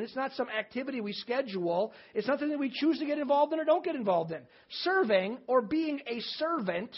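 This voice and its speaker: A man's voice: extremely high pitch, breathy edge. Middle-aged preacher, man, talky and emphatic with homespun jokes; muffled, lo-fi church recording. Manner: conversational, emphatic preaching with folksy humor. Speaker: pastor. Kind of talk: sermon. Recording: slightly dull lo-fi sermon recording.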